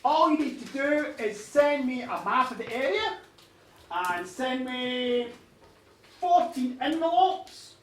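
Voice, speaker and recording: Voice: high voice, lively intonation, slow, voice pushed up. Give me an obliging Irish fixer who sorts anything, played by a storyteller, recorded from far off in an echoey room. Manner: obliging, businesslike. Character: smooth-talking Irish fixer man. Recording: roomy live bar, distant mic.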